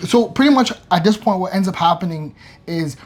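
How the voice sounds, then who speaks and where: A man's voice: high voice, expressive, fairly quick. A man retelling his partner's labour in a casual, slangy way, stumbling over words and restarting as he gets worked up. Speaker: co-host of a couple's channel. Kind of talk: casual storytelling.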